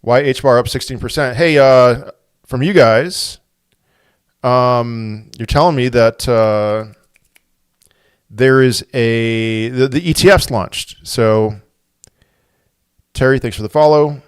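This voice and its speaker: Smooth-voiced man hosting a casual livestream. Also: mid-range voice, slow pace, long pauses, dry recording, studio quality. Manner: thinks aloud, rambling with restarts. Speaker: crypto livestream host. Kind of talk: casual livestream chat, reading viewer comments.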